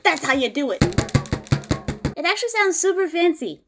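Bubbly, high-pitched woman, giggly vlogger, casual unboxing chat, faint music underneath. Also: big pitch swings, moderate pace. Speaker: gaming content creator.

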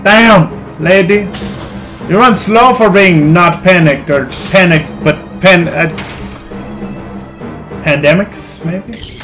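A young man commenting on a video game he is playing, swearing and yelling at it in an irritable mood. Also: high-pitched, slow pace, pauses often, soft background music. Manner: excitable, swearing, shouting at the game. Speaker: gaming channel host. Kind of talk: casual let's-play commentary.

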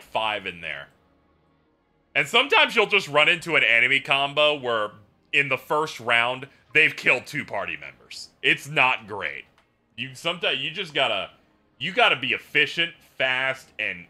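A man livestreaming and chatting casually about a game, telling it as an animated story with swearing and laughter. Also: mid-range voice. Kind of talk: casual gameplay chat.

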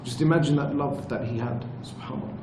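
A man giving a religious lesson at a retreat, telling stories in an earnest, measured way. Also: medium pitch, darkish tone, a little hiss or hum. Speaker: religious teacher. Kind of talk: storytelling lecture. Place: retreat lecture room. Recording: echoey room with faint ambience.

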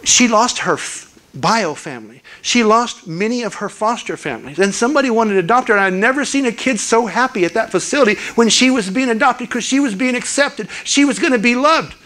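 A man's voice: very high-pitched, a little fast. An older man giving a sermon as a guest preacher, telling stories earnestly and acting out the people he quotes. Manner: earnest storytelling, quotes people in lively voices. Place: church.

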